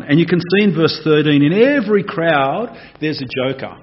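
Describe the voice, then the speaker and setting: Animated man preaching a sermon. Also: fairly high pitch, moderate pace, hardly any pauses, a little hiss or hum. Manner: animated, conversational, acts out voices. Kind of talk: expository sermon. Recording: dull lo-fi recording.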